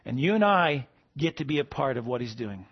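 A man preaching a sermon to a congregation, rising to emphatic peaks and then dropping soft. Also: medium pitch, lively intonation, fairly quick, gravelly, breathy edge, no room sound, dull audio. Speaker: pastor.

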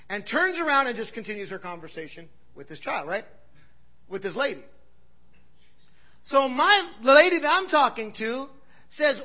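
High-voiced bold preaching man. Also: sing-song, normal speed, highs cut off. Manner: bold, conversational preaching with frequent "right?" asides; swings from loud exclamations to quiet asides. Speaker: pastor. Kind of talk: sermon.

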